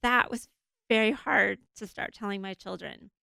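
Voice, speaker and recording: Earnest woman guest, heartfelt interview, smooth voice with a gravelly edge. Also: mid-range voice, fairly even intonation, moderate pace, pushed and bright, no echo, studio quality.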